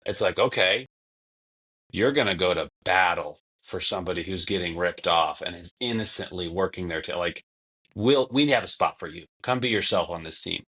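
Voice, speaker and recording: A young man with a fairly low voice talks casually as a podcast guest. He tells long stories and often acts out what others said. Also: moderate pace, bright, forceful tone, breathy edge. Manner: long-winded storytelling, acts out quotes. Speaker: podcast guest, former basketball player. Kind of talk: casual conversation.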